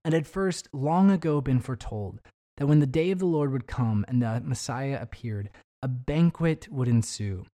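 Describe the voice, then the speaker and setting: A man delivering a sermon in a mellow, warm voice, reading scripture aloud and lifting his emphasis as he goes. His pitch sits in an ordinary middle range. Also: expressive, moderate pace. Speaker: preacher.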